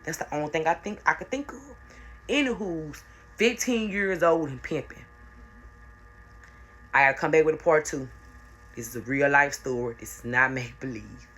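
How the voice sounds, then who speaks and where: A woman's voice: deep voice, normal speed, pauses often, a bit bright. A young woman telling a personal story in casual, slangy, repetitive narration. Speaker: storyteller vlogger.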